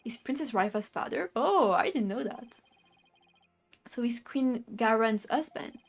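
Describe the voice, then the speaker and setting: Casual woman streamer, giggly commentary, slightly high voice. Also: animated, measured pace, vocal fry.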